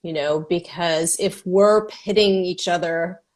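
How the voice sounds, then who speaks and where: A woman's voice: on the low side, steady tone, measured pace, a little mellow. A woman host from Texas in a casual interview, talking hesitantly with many fillers and restarts.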